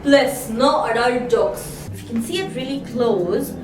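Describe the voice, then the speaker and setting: Young woman, Indian English accent, high voice, goofy self-mocking vlog chatter, echoey room. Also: unhurried, far from the mic, music in the background. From Thane, India. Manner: playful, self-mocking, laughs often. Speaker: comedic vlogger. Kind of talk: goofy comedic vlog talk.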